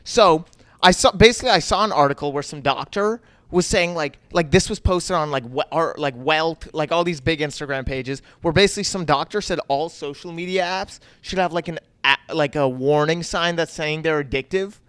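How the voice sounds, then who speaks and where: A man's voice: on the high side, normal speed, a bit bright, smooth, no room sound. A man co-hosting a comedy podcast in casual chat, rambling with lots of fillers and repeated yeahs.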